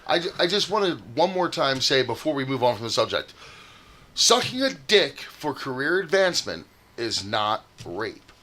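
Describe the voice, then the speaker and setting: Bright-voiced opinionated man. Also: medium pitch, sing-song, moderate pace. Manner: opinionated, emphatic, sarcastic. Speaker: podcast co-host. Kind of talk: crude casual banter.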